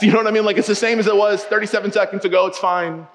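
A man preaching a sermon to his congregation, telling funny personal stories and addressing the room directly in a lively, joking way. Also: high voice, very fast. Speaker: pastor. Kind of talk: sermon with humorous storytelling. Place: church auditorium. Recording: reverberant church hall.

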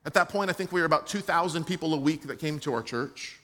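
A man preaching a sermon to his own church as its pastor, telling a personal story and swinging between quiet, soft passages and emphatic ones. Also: on the high side, fast talker.

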